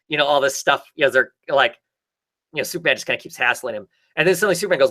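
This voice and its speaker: A man's voice: medium pitch, racing, pushed and bright. A man in a casual chat, rambling through a comic story with lots of fillers and restarts. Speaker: podcast co-host.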